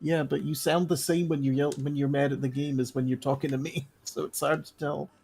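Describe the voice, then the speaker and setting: A man's voice: on the high side, little pitch movement, a little fast, vocal fry, darkish tone, a little hiss or hum. A man streaming a video game, chatting casually, explaining at length and laughing often. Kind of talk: casual chat while gaming.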